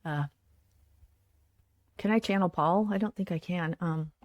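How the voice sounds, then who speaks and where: Low-voiced woman thinking aloud at the workbench. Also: measured pace, darkish tone, dry recording. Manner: chatty, thinking aloud, trailing into murmurs. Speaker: puppet builder and show host. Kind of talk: craft livestream demonstration.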